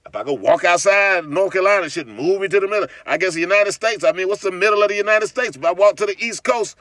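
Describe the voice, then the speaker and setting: Fast and high-pitched, a man's slightly bright voice comes through with no room sound as he rants on his vlog. He swears heatedly, mocks his critics, and keeps restarting or repeating words.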